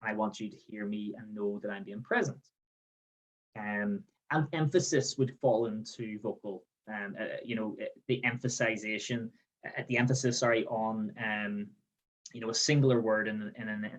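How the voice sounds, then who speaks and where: A man's voice: on the low side, low-quality recording. Man presenting an upbeat training webinar. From Northern Ireland. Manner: explanatory, repeats "okay?" as a check-in. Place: outdoors in the sun.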